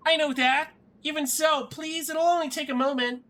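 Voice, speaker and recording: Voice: sits high, steady tone, normal speed, a bit bright, voice pushed up. A streamer doing an anxious, earnest young sister. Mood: pleading. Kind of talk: reading game dialogue aloud.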